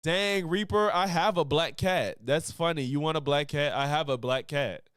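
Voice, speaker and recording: A man with a notably high, clean voice reacts on stream, talking casually and breaking into loud, animated exclamations and laughter. The sound is dry and close, with no room around it. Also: moderate pace, clean tone, dry recording.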